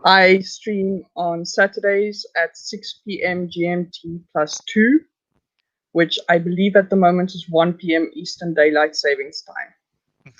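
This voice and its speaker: A man's voice: high-pitched, steady tone, measured pace, fairly bright tone, dull audio. A man from South Africa, a writer speaking hesitantly during a casual livestream chat. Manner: hesitant, unsure. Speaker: writer, guest streamer.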